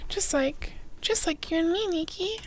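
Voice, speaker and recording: Woman game streamer, high playful voice, reads the dialogue aloud. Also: normal speed, poor audio. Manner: playful, voices the characters' lines.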